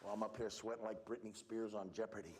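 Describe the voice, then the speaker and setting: A man giving a lively, jokey motivational talk to students at a school assembly, working the crowd. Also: quick pace, noisy background. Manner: animated, punchy, jokey crowd work with big shifts in pitch. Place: large school hall. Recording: reverberant school hall.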